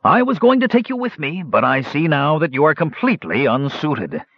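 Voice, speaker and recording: A man's voice: fairly high pitch, sing-song, moderate pace, no room sound, muffled recording, voice pushed up. A man voicing a capricious, mad old gnome king who mocks and threatens in an idle, sing-song way. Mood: mocking.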